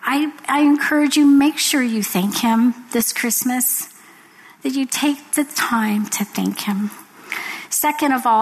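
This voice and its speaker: A woman's voice: on the high side, low-quality recording. A woman giving an earnest devotional talk to women, telling a story to make her point.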